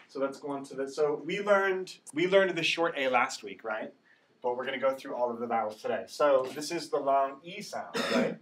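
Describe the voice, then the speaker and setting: A man's voice: mid-range voice, fairly bright tone, a little hiss or hum. A male English teacher running a classroom pronunciation drill, patiently saying words for the class to repeat and checking in with "right?". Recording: distant classroom recording.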